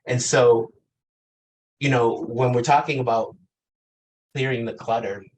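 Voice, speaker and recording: A man's voice: mid-range voice, fairly even intonation, unhurried, a little mellow, slight background noise, low-quality recording. A man in his fifties preaching a reflective sermon, asking the congregation questions and laughing lightly between thoughts. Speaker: pastor.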